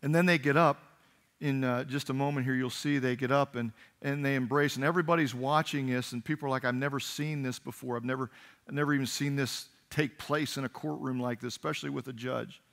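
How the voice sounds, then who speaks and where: Male pastor, sermon, earnest storytelling, gravelly voice, mid pitch. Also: steady tone, a bit bright. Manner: earnest storytelling with halting restarts. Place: church sanctuary.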